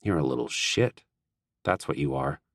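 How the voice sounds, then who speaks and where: A man's voice: extremely low pitch, lively intonation, moderate pace, vocal fry, no room sound, studio quality, pitched below the performer's own voice, full character voice. A man voicing a cocky young male college hockey player, teasing and blunt. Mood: gruff.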